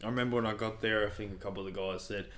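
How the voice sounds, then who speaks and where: A laid-back man with a lowish voice, chatting casually about his wrestling matches. He rambles a little and breaks into laughs often. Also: fairly even intonation, rapid-fire, fairly bright tone. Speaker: wrestler guest. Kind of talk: casual chat.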